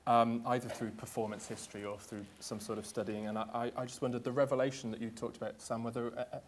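A man chairs a panel on a theatre stage, polite and a little halting, leaning on fillers. His pitch sits mid-range. A faint hiss runs under the voice. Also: flat delivery. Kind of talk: hosting a stage talk. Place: theatre stage before an audience.

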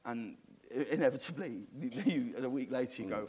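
A man being interviewed on stage, telling a story in an animated, rambling way with many restarts. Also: medium pitch, moderate pace. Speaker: guest.

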